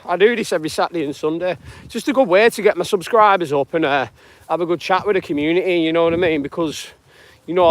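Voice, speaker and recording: Out on a dog walk, this northern English live-streamer from the northwest rambles chattily and says hello to viewers by name. His voice is on the high side, with background noise in the recording.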